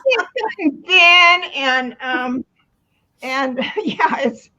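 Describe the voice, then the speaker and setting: A woman's voice: high-pitched, extremely slow, sharp tone. An older woman, a retirement coach, talking casually in an interview, rambling with many restarts and frequent laughs. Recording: dull lo-fi sound.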